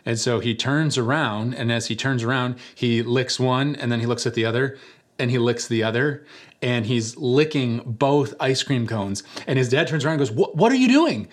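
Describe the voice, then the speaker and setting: A male pastor delivers a sermon in a relaxed, conversational way. He tells stories with a light touch and now and then acts out the people in them. His voice sits at an ordinary middle pitch. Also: moderate pace. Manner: conversational storytelling with animated voices for quoted characters.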